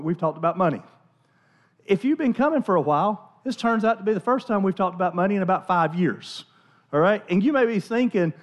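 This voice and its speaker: A man's voice: high-pitched, highs cut off. A man preaching a sermon as pastor in a church, chatty and conversational, often restarting and repeating words.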